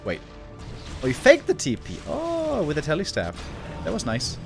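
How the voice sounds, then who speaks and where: A man's voice: mid-range voice, huge pitch swings, normal speed, music in the background. A man giving live commentary on a strategy game match, chatty, exclaiming at big plays and drifting into casual asides to viewers. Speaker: esports caster.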